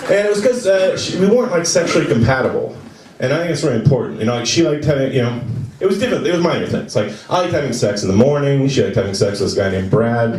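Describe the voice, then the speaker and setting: On a comedy club stage, a fast-talking male stand-up delivers an animated set, slipping into high-pitched voices whenever he quotes someone. The live club sound is roomy and distant, with background noise and the audience laughing.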